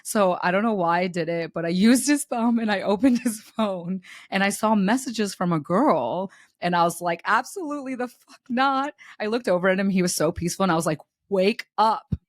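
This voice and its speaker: A young adult woman on a podcast, telling a personal story in a candid, animated way, laughing as she goes and swearing freely. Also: mid-range voice, a little fast, no echo, clean studio sound. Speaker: podcast co-host. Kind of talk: casual podcast chat, storytelling.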